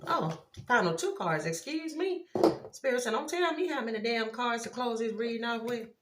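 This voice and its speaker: A woman's voice: on the high side, normal speed, background noise. A woman, giving a casual tarot reading to viewers, exclaiming at the cards as she turns them. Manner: excitable, exclaims at cards, laughs often. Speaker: tarot reader.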